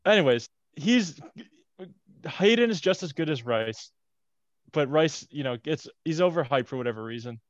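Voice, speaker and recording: A man's voice: fairly high pitch, lively intonation, normal speed, no room sound, dull audio. A man in casual football chat, dry and sarcastic, arguing his opinions.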